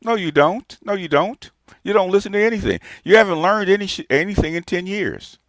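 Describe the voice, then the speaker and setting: A man's voice: sits high, lively intonation, brisk, no room sound. A combative man talking over a clip he is reacting to, his voice swinging widely up and down as he presses his point. He repeats his challenges and scoffs with short laughs. The sound is dry and close, with little room to it. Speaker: channel host reacting to a clip.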